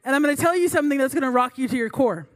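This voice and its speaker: A woman's voice: high-pitched, expressive, rapid-fire. A young adult woman giving a sermon through a funny personal story, chatty and self-mocking, laughing between lines. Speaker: preacher.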